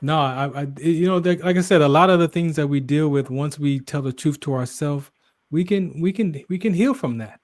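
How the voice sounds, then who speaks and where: Host guy, earnest and uplifting, voice sits a bit high, kinda preachy. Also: normal speed. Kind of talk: casual interview talk.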